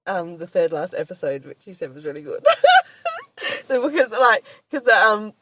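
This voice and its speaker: A woman's voice: medium pitch, very animated, moderate pace, fairly bright tone, breathy edge, no echo. An Australian woman co-hosting a casual podcast, rambling chattily, often laughing and breaking off mid-sentence to restart. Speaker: podcast co-host, comedian. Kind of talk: casual chat.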